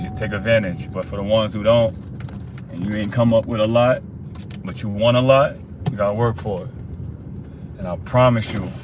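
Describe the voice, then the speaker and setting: A man's voice: on the low side, background noise. A man livestreaming a casual motivational talk, streetwise and direct, often tagging lines with "you heard?". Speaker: fitness streamer.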